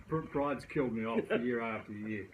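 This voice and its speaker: An Australian man co-hosting a casual chat, dry and halting, often pausing with "uh". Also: medium pitch, phone-quality sound, a little hiss or hum. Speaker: co-host. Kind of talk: casual chat about club golf handicaps.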